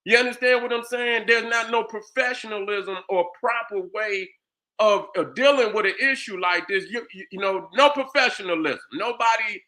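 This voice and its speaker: High, bright-voiced man ranting angrily. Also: moderate pace. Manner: angry, profane, rhetorical questions; repeats "you understand what I'm saying". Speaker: host commentator. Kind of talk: heated commentary rant.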